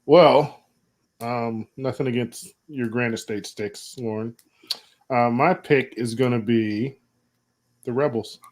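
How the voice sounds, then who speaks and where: A man co-hosting a casual live stream, excitable and laughing, talking faster when he makes a point. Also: mid-range voice. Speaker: co-host.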